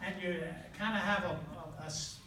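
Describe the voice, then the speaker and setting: An older evangelist from the American South tells stories in a folksy, animated way that often breaks into laughter. His voice sits unusually high for a man. He is recorded from a distance in an echoey room with a faint hiss underneath. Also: brisk. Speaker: traveling evangelist guest. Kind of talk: storytelling testimony in conversation.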